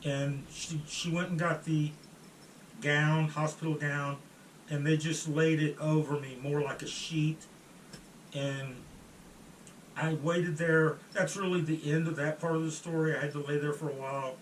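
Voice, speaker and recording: A man recounts a personal story at an unhurried, drawn-out pace, his fairly high voice stumbling and restarting as he goes. He sits back from the microphone, so the sound picks up an echoey room with a faint hum of ambience behind him. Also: level tone. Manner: halting, with restarts and trailing pauses. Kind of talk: first-person storytelling monologue. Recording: roomy echo, distant mic, faint room noise.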